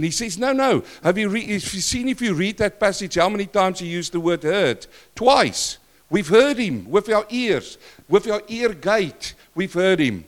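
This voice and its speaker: Older pastor preaching. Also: male voice, high-pitched, lively intonation, moderate pace. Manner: asks the congregation questions, shifts between loud and soft. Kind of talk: sermon. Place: church.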